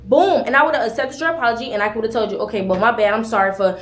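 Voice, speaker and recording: A woman's voice: a little high, very fast. A young woman ranting in a heated, profane way about a fight, acting out both sides of the argument. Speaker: streamer telling a story in a clip. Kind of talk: heated rant. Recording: echoey room with faint noise.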